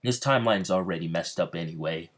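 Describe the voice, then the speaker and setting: A man voicing a blunt male devil companion who talks in a flat, dismissive way. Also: low-pitched, a little fast.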